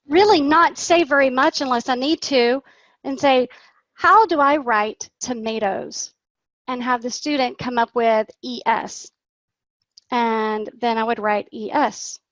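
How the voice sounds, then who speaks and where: A woman, an online English teacher, walking through a lesson plan slowly and acting out the prompts she would give a young student. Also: a little high, no echo, highs cut off.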